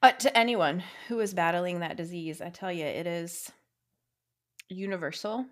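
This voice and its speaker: A woman's voice: on the low side, moderate pace. An American woman co-hosting a casual true-crime podcast, chatty and upbeat as she tells the story. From United States. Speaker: podcast co-host.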